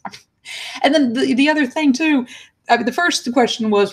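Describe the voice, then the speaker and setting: A woman's voice: sits high, moderate pace, pauses often, breathy edge. Woman streamer ranting off the cuff, lots of restarts, gets worked up. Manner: thinks aloud with restarts, gets heated and emphatic. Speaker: streamer commenting on news. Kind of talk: unscripted live-stream commentary.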